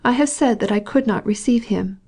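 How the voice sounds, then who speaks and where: Woman doing a nervous young wife, hushed and halting, kinda breathy and soft, storybook. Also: fairly high pitch. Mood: urgent.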